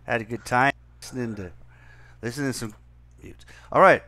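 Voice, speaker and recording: A man co-hosting a podcast in casual chat, with a neutral accent, distracted and muttering while he sorts out his streaming software. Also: medium pitch, a little fast, no echo. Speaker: podcast co-host.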